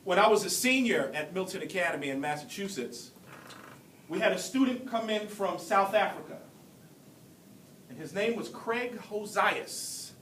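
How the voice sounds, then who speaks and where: A man in his forties from Brooklyn giving an earnest motivational keynote speech, telling stories with deliberate pauses. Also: expressive, fairly bright tone. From Brooklyn, New York. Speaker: keynote speaker. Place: large hall at a ceremony. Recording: echoey hall, distant mic, faint rumble.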